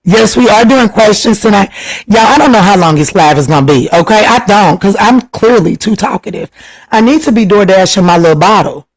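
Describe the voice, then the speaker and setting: A man hosting a tarot livestream, chatting casually and teasingly with viewers while reading their comments, laughing often and jumping up in pitch when excited. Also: brisk, slightly rough, poor audio. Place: home livestream.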